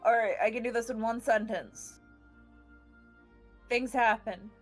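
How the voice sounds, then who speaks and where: A woman's voice: on the high side, steady tone, unhurried, soft background music. Scatterbrained woman rambling through a recap. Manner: scattered, restarts often, swears, laughs easily. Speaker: podcast player giving recap. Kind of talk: casual rambling chat.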